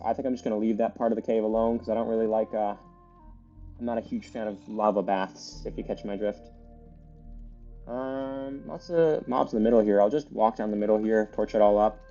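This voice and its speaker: A man with a fairly low voice talks through his gameplay in a loose, chatty way, full of fillers and asides. The audio is dull and lo-fi, with faint music playing underneath. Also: mellow. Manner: chatty, rambling play-by-play with many fillers. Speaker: gaming video creator. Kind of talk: casual gameplay commentary.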